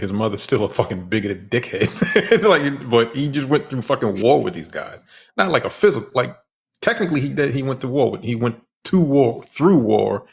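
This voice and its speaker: A man co-hosting a film podcast, chatting in an animated, profane way and laughing between lines. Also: medium pitch, gravelly. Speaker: podcast co-host. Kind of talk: casual chat.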